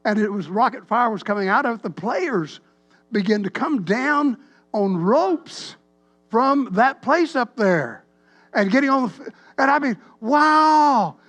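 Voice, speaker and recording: A man, a pastor telling a rambling, animated story in a sermon. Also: extremely high pitch. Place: church sanctuary.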